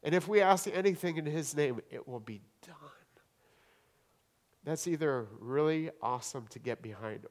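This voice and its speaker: A male pastor delivers a sermon with a somewhat high voice. He drops into quiet, almost hushed stretches, then climbs into emphatic, louder declarations. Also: normal speed. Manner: dynamic preaching, swinging between hushed and rising emphatic.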